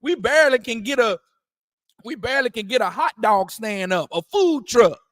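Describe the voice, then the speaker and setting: A man's voice: very high voice, lively intonation, normal speed, fairly bright tone, dry recording, studio quality. A man leading a religious discussion, preaching in a casual way, often asking "you understand?" and restarting his words. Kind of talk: preaching-style casual talk.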